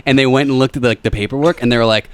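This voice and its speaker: A young man, a comedian guest on a podcast, telling a story in casual chat and acting out the other people's lines with loud energy. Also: medium pitch, racing, smooth, no echo. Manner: animated storyteller, acts out quotes loudly.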